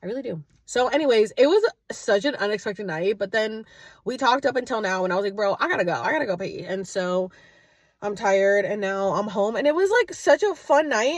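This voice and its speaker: A woman's voice: mid-range voice, dry recording, studio quality. Chatty woman in her thirties. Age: 30s. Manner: chatty, animated retelling with quoted dialogue. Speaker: vlogger. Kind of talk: casual storytelling to camera. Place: at home, indoors.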